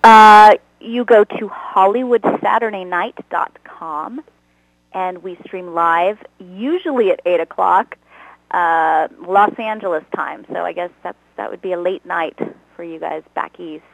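A woman's voice: on the low side, a little slow, vocal fry, dry recording, rough recording. Chatty woman actor, dry close sound. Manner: chatty, laughs often, self-deprecating. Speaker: guest, comedy actor. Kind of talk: casual interview chat. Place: Los Angeles.

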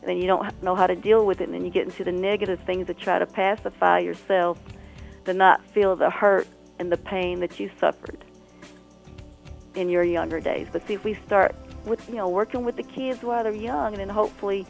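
A woman's voice: mid-range voice, fairly even intonation, a little fast, gravelly, faint music behind, low-quality recording. A woman author talking earnestly and emotionally as a guest on a radio interview, rambling at times.

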